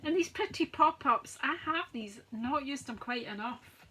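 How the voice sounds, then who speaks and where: A woman's voice: high-pitched, animated, unhurried, pushed and bright, slightly rough, rough recording. A woman hosting a live craft stream, chatting to viewers as she rattles off sale prices like an auctioneer. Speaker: craft demonstrator, host. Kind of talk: live-stream product walkthrough.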